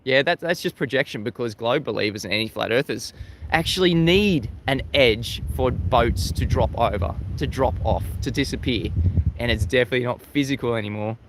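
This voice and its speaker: A man's voice: mid-range voice, normal speed, a little hiss or hum. Chatty Australian man hosting a livestream. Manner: chatty, laughs often, repeats words as he restarts. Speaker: livestream host. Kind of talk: casual live-stream talk, reading chat. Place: outdoors facing the sea at sunrise.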